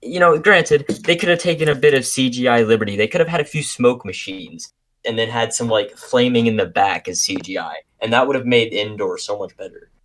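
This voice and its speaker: A man's voice: mid-range voice, a little fast, fairly bright tone. Easygoing young man chatting. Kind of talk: casual chat.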